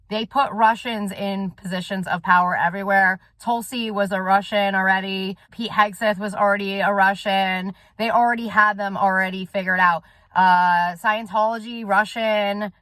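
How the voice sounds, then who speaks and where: This woman, a vlogger and soul coach, rambles intensely to camera in a casual monologue, swearing often. Her pitch is medium and her tone fairly bright, with no room sound.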